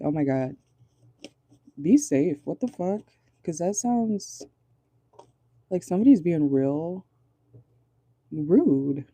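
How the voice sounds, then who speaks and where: A tarot reader with a very dark, mellow voice talks casually from a car, swearing now and then and laughing nervously. The speech stops often while channeling. The sound is dry and close, with no room echo. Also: mid-range voice, animated, slow, long pauses. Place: inside a car.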